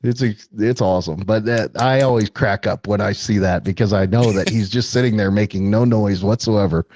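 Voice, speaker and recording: A man's voice: fairly low pitch, brisk, a little mellow. A man telling stories as a guest, chatty with many fillers and frequent laughs. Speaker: guest, former film extra. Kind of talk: casual storytelling.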